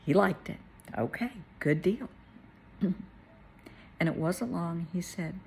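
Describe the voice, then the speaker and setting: A middle-aged woman, a therapist, telling a personal story in a soft, tearful way that at times falls to a whisper. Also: fairly low pitch, takes it slowly, gravelly, pauses often, husky. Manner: tearful, soft-spoken, drops to a whisper at moments.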